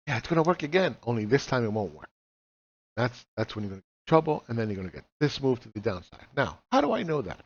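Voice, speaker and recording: A man's voice: mid-range voice, very animated, fast. A man in his forties teaching chart reading in a casual walkthrough. He is blunt and profane and fires off rhetorical questions. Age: 40s. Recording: slightly dull lo-fi recording.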